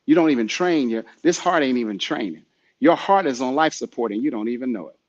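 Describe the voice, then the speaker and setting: A man gives a motivational podcast talk, speaking straight at the listener in a preachy, repetitive way. His voice sits at a middle pitch. The recording sounds dull and lo-fi. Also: lively intonation, a little fast. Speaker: podcast host.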